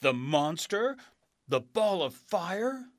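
A man's voice: sits high, sing-song, slow, no room sound, clean studio sound, voice pushed up, exaggerated voice. A man voicing a puzzled, simple scarecrow in a storybook reading, asking questions. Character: worried straw scarecrow, male, simple.

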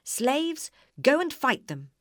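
Cruel old witch, a woman reading her, shrill and commanding, lively swings. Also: moderate pace, dry recording, studio quality. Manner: shrill, barking orders. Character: cruel one-eyed old female witch.

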